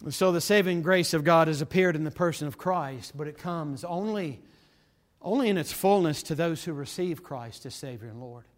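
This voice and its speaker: A man's voice: a little high, moderate pace. A man preaching a sermon, quoting scripture by chapter and verse and building to impassioned, emphatic pleading.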